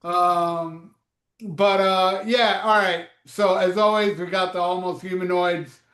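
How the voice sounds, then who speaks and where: Brief: man in his fifties, high voice, casual joking show host, echoey room sound. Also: fairly even intonation, slow pace, a bit bright. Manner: loose, joking, rambling with fillers. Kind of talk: casual live show chat.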